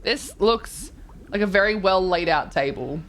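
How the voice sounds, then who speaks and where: A young woman speaks unhurriedly in an animated, medium-pitched voice while live-streaming a game and touring its houses. Her chat is casual; she reads viewers' messages aloud and responds with gasps and swears.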